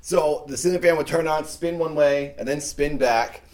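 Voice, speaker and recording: A man's voice: fairly high pitch, moderate pace, a little mellow. A man hosting a casual chat, telling rambling ghost stories with many restarts. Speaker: podcast host.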